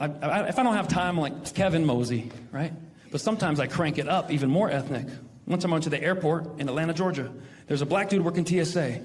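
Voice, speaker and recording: A man doing a stand-up routine, telling an animated story and pitching his voice up to play other people. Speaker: stand-up comedian. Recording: comedy club with crowd laughter and noise.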